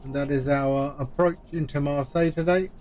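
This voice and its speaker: A man's voice: fairly high pitch, steady tone, normal speed, darkish tone. A man streaming a flight simulator, chatting casually as he talks through each step with friendly asides. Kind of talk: live-stream commentary while playing.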